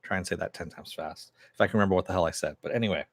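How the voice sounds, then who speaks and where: A man's voice: deep voice, rapid-fire, dry recording. A man giving a casual, chatty recap of a TV episode, with lots of fillers and some swearing. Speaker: TV show reviewer.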